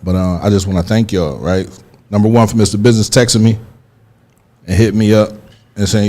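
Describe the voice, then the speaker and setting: A radio show host with a lowish, mellow male voice speaks briskly during a casual interview. He's emotional and choked up, rambling in a heartfelt way.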